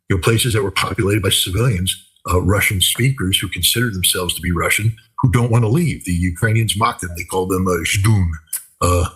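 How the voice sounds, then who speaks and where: Older guy, kinda low husky voice, hammers his points home, tells it like a story. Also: a bit bright, poor audio. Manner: emphatic, repetitive, vivid storytelling. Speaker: commentator. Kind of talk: casual interview talk.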